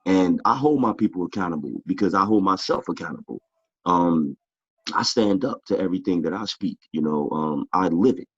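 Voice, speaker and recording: A tired middle-aged man rambles through a casual interview with a very low, husky voice. The sound is dry and close but a little dull and lo-fi, as if recorded on a modest setup. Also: moderate pace, no room sound. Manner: relaxed, rambling with many "you know" fillers. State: tired, short on sleep. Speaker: boxing club founder, guest.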